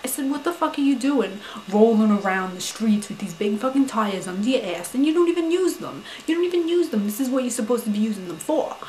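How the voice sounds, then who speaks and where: Woman doing a loud young staten island girl, new york accent, cursing, indignant, roomy echo. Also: medium pitch, normal speed, slight background noise, lightly acted. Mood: indignant, ranting. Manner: loud, profane, indignant, full of "you know". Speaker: advice-giving vlogger character. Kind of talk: comic character monologue to camera.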